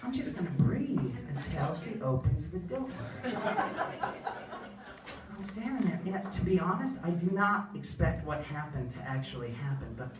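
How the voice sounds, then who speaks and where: A woman performing a funny personal story live before an audience, animated and self-deprecating, acting out the other voices. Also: on the low side, measured pace, heavy background noise. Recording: echoey room, far mic, audience.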